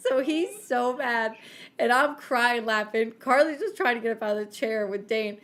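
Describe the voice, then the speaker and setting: A woman's voice: fairly high pitch, normal speed, fairly bright tone. A woman co-hosting a podcast, telling a story in a casual chat and laughing often. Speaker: podcast co-host.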